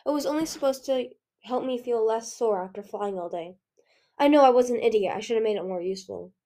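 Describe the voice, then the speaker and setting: A woman's voice: fairly high pitch, brisk, warm tone, close to an everyday voice. Woman doing a nervous boy dragon, apologetic and unsure. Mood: anxious. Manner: anxious and apologetic. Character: nervous kind young male dragon.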